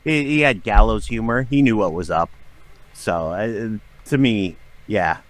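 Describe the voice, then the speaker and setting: In a frank podcast chat, this man in his forties, who works as a writer and voice actor, tells stories from his own life and performs the voices of anyone he quotes. His voice is lowish and his pace measured.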